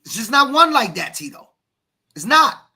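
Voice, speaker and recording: Male youth coach, American, podcast host: bright edgy tone, preachy, stumbles and repeats. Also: very high voice, sing-song, moderate pace. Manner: emphatic, preachy, repeats words and addresses co-host by name. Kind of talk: passionate podcast talk.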